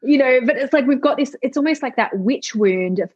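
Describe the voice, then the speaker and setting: A woman's voice: sits high, expressive, brisk, a little mellow, breathy edge, dry recording. A middle-aged woman coach talking candidly as a podcast guest, swearing freely and acting out the thoughts of her clients. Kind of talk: casual interview chat. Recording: slightly dull lo-fi audio.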